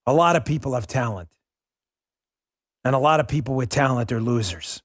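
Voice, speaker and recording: A man's voice: medium pitch, expressive, normal speed, no room sound, clean studio sound. A man hosting a political commentary show, talking in a combative, ranting and mocking way. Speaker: host.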